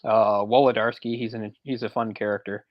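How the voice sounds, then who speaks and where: A man's voice: on the low side, little pitch movement, brisk, no echo, muffled recording. A man chatting casually on a movie discussion podcast, retelling scenes in a rambling way with frequent restarts and chuckles. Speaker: podcast co-host.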